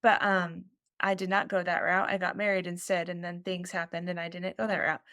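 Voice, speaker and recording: Smooth-voiced woman hosting a podcast. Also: fairly low pitch, level tone, brisk, a bit bright, no echo, clean studio sound. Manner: enthusiastic, rambling questions. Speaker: podcast host. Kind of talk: casual interview conversation.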